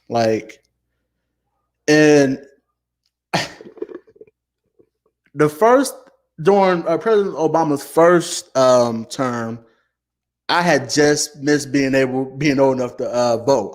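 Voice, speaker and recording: Here the host, a late-twenties man with a mid-range voice, runs a laid-back commentary show. His delivery is lively and sincere, full of stammers and frequent repetitions of "man."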